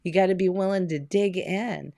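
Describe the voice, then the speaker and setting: A woman business coach giving a motivational online talk from home, energetic and conversational, firing off rhetorical questions. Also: on the low side, moderate pace, vocal fry.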